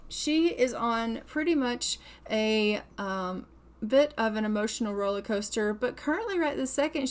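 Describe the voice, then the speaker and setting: Brief: a young woman with a fairly high voice, playful and chatty as she plays a life-sim game. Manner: chatty, playful, cheers the character on. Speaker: gaming channel host. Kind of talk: casual gameplay commentary.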